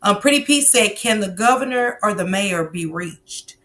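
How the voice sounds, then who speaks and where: A woman hosting a livestream interview, casually reading out viewer comments and giving shout-outs. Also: mid-range voice, animated, moderate pace. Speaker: livestream host.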